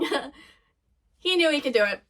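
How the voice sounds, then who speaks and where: A woman reacting to an anime episode in casual commentary, giggling often and gushing excitedly in broken-off fragments. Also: sits high, moderate pace.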